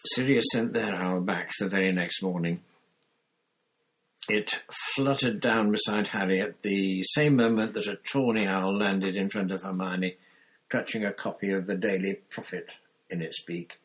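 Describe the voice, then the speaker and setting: Casting: low, husky male narrator, steady audiobook reading. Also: unhurried, low-quality recording. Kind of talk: scripted narration.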